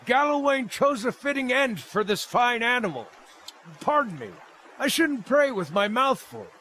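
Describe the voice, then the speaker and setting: Small male orlan druid, game voice acting, playful, high-pitched, very lively. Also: measured pace, slight background noise, exaggerated voice. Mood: thoughtful. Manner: playful, relishing, lively storytelling.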